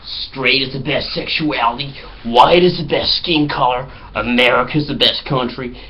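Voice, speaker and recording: A man voicing boastful, bigoted young American men who make slow, swaggering proclamations. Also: mid-range voice, lightly acted. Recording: slightly muffled with faint hiss.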